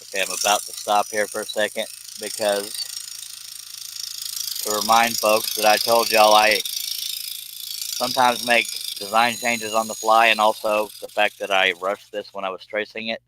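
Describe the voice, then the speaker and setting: A man's voice: on the low side, flat delivery, unhurried, background noise. A man, chatting casually on a livestream while he works on a woodworking project. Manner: folksy, easygoing, explains as he works. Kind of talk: casual chat while working.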